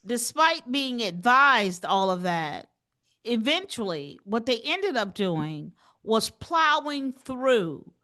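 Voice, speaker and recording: A woman co-hosting a comedy news chat in a bright, slightly high voice. She speaks slowly, with lively swings in pitch, and often breaks into laughter. Her manner is animated and playful. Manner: animated, laughs often, tries silly accents. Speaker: co-host.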